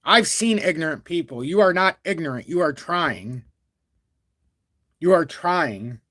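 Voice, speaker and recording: A man hosting a crypto live stream, talking at length in a blunt, calm and even tone while reading out viewer super chats. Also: a little high, a little slow, dry recording, studio quality. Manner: talkative and blunt, reads super chats aloud; calm, even-toned delivery even when annoyed. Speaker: crypto livestream host. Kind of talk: live-stream market commentary.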